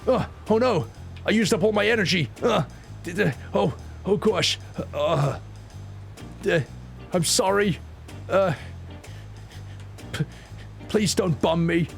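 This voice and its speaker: A man's voice: sits high, slow, gravelly, pauses often, pitched above the performer's own voice, exaggerated voice. A man voicing a tiny, cowering male Lalafell from a fantasy game who stammers and whimpers pleas for mercy, over faint music. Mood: pleading.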